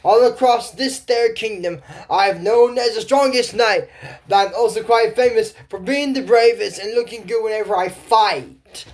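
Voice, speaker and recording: A man's voice: sits high, moderate pace, voice pushed up, natural voice. A man playing a boastful, vain knight. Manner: bragging, self-satisfied. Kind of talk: retelling a cartoon scene.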